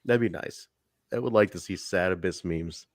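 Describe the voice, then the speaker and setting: A low-voiced man hosts a casual wrestling review podcast, animatedly recapping events and acting out what people said. He speaks at normal speed in a dry recording.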